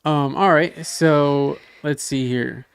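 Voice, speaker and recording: Gravelly man telling stories. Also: a little high, slow pace, no echo, clean studio sound. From Southern United States. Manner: animated storyteller, acts out quoted dialogue; asks probing follow-up questions. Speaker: podcast host. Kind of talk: casual interview chat.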